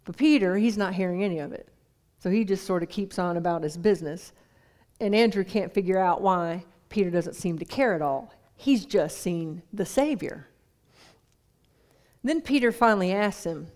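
A woman's voice: on the low side, expressive, moderate pace, darkish tone. A woman preaching a sermon in a conversational way, putting questions to the congregation.

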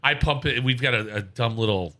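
Southern man, bright and forceful tone, animated storyteller on a podcast. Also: mid-range voice, fairly quick. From American South. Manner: animated, laughs through his stories. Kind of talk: casual storytelling chat.

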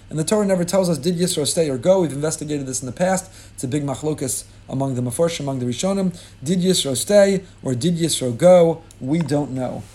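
A man, a rabbi giving an impassioned sermon on the Torah portion, weaving Hebrew terms into English and rising high when he acts out pleas. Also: mellow.

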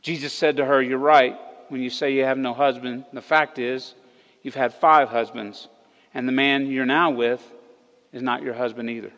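A man preaching a sermon as pastor, retelling a story with animated, emphatic delivery that rises on key words. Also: medium pitch, normal speed, in a large hall, rough recording. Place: church hall.

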